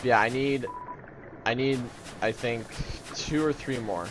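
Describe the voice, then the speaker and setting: A man commenting excitedly on his own gameplay and reading game lines aloud in voices. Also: mid-range voice, slow, background noise. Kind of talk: let's play commentary. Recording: game music playing behind.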